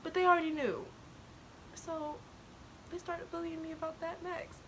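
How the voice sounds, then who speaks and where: In a very noisy recording, a young woman with an extremely high-pitched voice vlogs a personal story at normal speed. Casual and animated, she laughs frequently and swings into near-crying.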